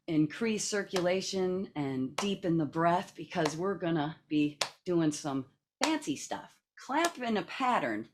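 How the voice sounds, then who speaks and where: Over a video call, a woman with a mid-range voice leads a seated laughter and breathing exercise, and there's noise in the background. She's coaxing and playful, laughing often as she guides the group.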